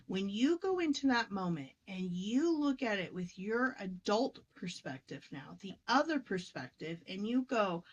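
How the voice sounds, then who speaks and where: A woman talking about inner healing in a casual teaching conversation, emphatic and lively, acting out quoted voices as she goes. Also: a little high, measured pace, hardly any pauses, muffled recording. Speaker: spiritual teacher.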